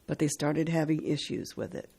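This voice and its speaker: A woman's voice: sits low, fairly even intonation, moderate pace, vocal fry, mellow, slightly rough. A woman hosting a radio call-in show, reading this-day-in-history items aloud with small stumbles and chatty asides. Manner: reads items aloud with stumbles on names and side comments. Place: radio studio.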